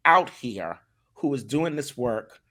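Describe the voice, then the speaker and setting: A man talking as a guest in a casual podcast interview, animated and emphatic, often repeating his words. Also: mid-range voice, takes it slowly. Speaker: voice acting director, guest.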